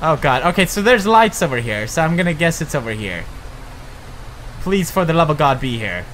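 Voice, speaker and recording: Man playing a horror game, high-ish voice, swearing and jumpy, faint noise behind. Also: sing-song, moderate pace, fairly bright tone. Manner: jumpy, swearing, joking nervously. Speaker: gaming commentator. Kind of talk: let's play commentary.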